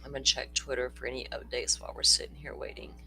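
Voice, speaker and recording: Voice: medium pitch, wildly swooping pitch, fast, vocal fry, bright, forceful tone, slight background noise. A livestream host, chatting casually and rambling through a true-crime stream, laughing often and swearing freely, sounding tired. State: tired, yawning.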